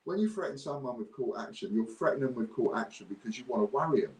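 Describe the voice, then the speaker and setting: A man's voice: medium pitch, lively intonation, quick pace, few pauses, a little mellow, roomy sound, rough recording. A man ranting to camera, blunt, indignant and repetitive. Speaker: business owner vlogger.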